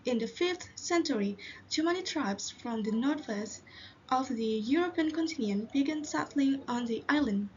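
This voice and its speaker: Presenter, woman from Indonesia, high voice, muffled recording with faint hiss, halting reading. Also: expressive. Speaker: linguist presenter. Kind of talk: classroom presentation.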